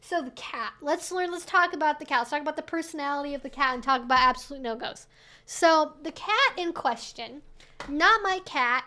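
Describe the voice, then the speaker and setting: A young woman hosting a casual livestream Q&A, chatty with lots of fillers and sarcastic asides. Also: high voice. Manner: soft baby talk to her dog. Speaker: streamer hosting a weekly Q&A.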